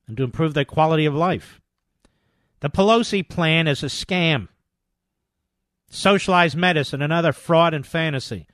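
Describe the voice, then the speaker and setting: An older man hosting a talk radio show, delivering a combative, sarcastic monologue that swings between loud jabs and quiet asides. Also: a little high, no room sound, studio quality.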